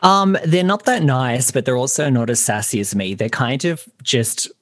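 A man's voice: mid-range voice, moderate pace, a bit bright, dry recording. Guy hosting a podcast, swears a lot, says like constantly, dry close sound. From Australia. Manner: chatty, swears freely, lots of "like". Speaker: podcast host. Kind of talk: casual chat.

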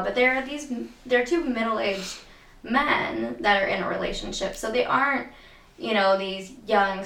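A woman co-hosting a casual film chat podcast, animated and gushing. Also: medium pitch, creaky. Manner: animated, gushing, acts out quotes. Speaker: podcast co-host. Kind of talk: casual chat about films. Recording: roomy, somewhat distant mic.

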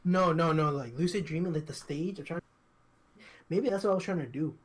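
A young man co-hosting a podcast, telling a story in casual chat, halting and repetitive, full of fillers and restarts. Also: a little high. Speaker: podcast co-host.

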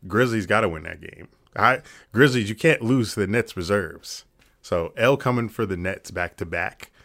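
A man's voice: on the low side, moderate pace, gravelly, fairly bright tone, no echo, studio quality. A man co-hosting a casual sports chat, laid-back, swearing freely and laughing often. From Florida. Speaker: podcast co-host.

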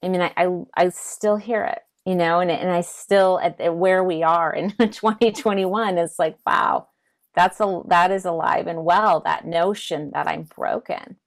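A woman with a low voice speaks as a therapist guest on a talk show. Her advice comes gently, and she often repeats words while she gathers her thoughts. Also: fairly even intonation, measured pace, vocal fry.

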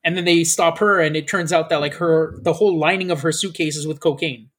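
A man's voice: a little high, steady tone, a little fast, a bit bright. A man in a casual chat, telling a rambling story full of fillers and acting out the people in it. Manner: rambling storyteller, acts out quoted officers, many fillers.

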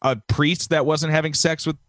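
A man's voice: on the high side, little pitch movement, normal speed, a bit bright, no echo. A young man co-hosting a podcast, casually retelling a news story with wry asides. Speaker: podcast co-host. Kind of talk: casual chat.

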